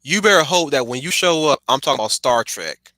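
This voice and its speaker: Excitable man rambling on a stream. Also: mid-range voice, fairly quick, no echo. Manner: excitable, digressive, laughs often. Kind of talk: casual rambling commentary.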